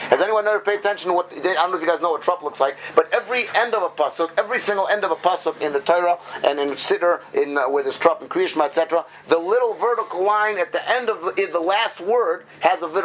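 A man with a fairly high voice gives an informal reading lesson to a small group. He explains step by step, often breaking off mid-word to restart, and a faint hiss of noise sits under his voice. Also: a bit bright, poor audio. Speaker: Hebrew reading teacher.

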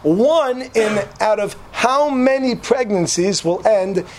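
A young man telling a joking personal story to a live audience in a room, animated, with restarts and asides. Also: high voice, takes it slowly.

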